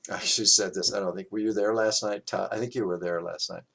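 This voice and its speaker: A man teaching a qigong class, talking in a reflective, halting way with many fillers and restarts. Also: fairly low pitch, steady tone, creaky. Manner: gentle, chuckles at his own quotes.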